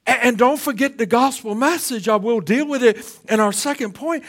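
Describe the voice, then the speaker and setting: A male pastor preaching a sermon in church, shifting between loud emphatic passages and slow, quiet questions, often repeating words as he starts a phrase. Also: very high voice, sing-song.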